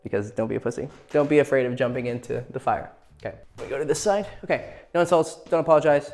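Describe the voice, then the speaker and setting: A man's voice: mid-range voice, fast talker, darkish tone. A man giving blunt, profane dating advice in a casual lecture, acting out quoted lines as he goes.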